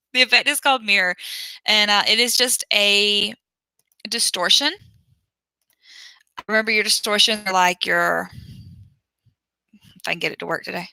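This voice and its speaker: A woman's voice: mid-range voice, measured pace, vocal fry, long pauses, bright, forceful tone, no echo, rough recording. A woman who teaches online, chatting casually with viewers and often laughing or trailing off as she hunts around her screen. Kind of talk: casual livestream chat with viewers.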